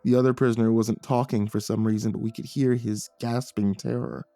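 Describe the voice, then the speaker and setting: A man narrating a horror story in a hushed, grave manner. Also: fairly low pitch, level tone, brisk, creaky, no room sound, faint music behind.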